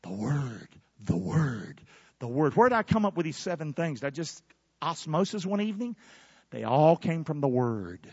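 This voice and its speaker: A man preaching a sermon, calling on his congregation to answer back and bursting out loudly before drawing words out for emphasis. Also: a little high, big pitch swings, gravelly, husky, no room sound, muffled recording. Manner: preaching with sudden loud bursts and drawn-out emphasis. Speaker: pastor. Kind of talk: fiery sermon with call-and-response.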